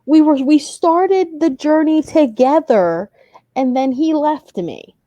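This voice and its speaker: Young woman, podcast co-host, casual chat, lively swooping pitch, warm mellow tone, dry close sound. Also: takes it slowly, dry recording. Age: young adult. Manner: animated storytelling, acts out kids' voices.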